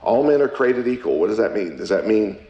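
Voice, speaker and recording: A man giving a live speech at a public celebration, folksy, with jokes for the crowd, and slow and emphatic on his key lines. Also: lowish voice, animated, warm tone, dull audio. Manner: folksy, joking asides with the crowd. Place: event hall. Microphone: handheld mic at a podium. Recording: echoey room.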